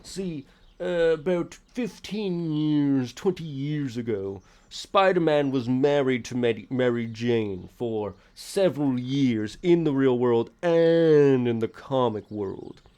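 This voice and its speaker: A man's voice: mid-range voice, slow, warm tone. A man streaming a video game, chatting casually with his viewers in a rambling, self-correcting and opinionated way. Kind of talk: casual let's-play chatter.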